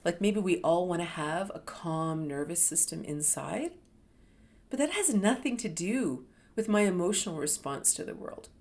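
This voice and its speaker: A woman in her fifties speaks as host of a reflective talk. She tells her own story candidly, letting her voice sink into quiet, low stretches and then lift with emphasis. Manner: candid and expressive, dropping to soft murmurs and rising with emphasis. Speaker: host sharing a personal story.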